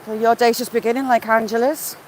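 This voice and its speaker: A chatty woman with a slightly high voice, talking into a handheld phone as she walks outdoors by a wooded river. She greets her viewers by name in easy, casual chat. A faint hiss of outdoor noise sits under her voice. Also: flat delivery, brisk, darkish tone, low-quality recording. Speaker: vlogger. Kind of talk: casual live-stream walk chat.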